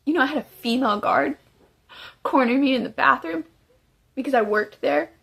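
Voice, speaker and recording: A woman's voice: high-pitched, normal speed, creaky, husky. A woman giving emotional testimony as a former inmate, urgent and pleading. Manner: urgent, pleading, tearful at times.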